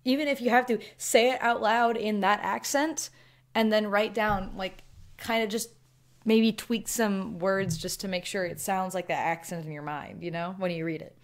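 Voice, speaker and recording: A woman with a Southern American accent answers viewer questions in a casual Q&A chat, her medium-pitched voice steady and her speed normal. She rambles chattily and laughs between thoughts.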